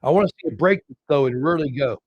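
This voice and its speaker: A man's voice: medium pitch, quick pace, slightly rough, no room sound, highs cut off. A man hosting a live trading show, casually talking viewers through chart levels. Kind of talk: live market commentary.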